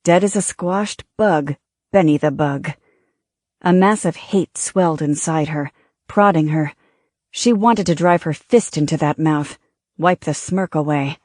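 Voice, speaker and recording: Reading an audiobook in clean studio sound, a low-pitched woman tells the story at an even, measured pace on a dry recording.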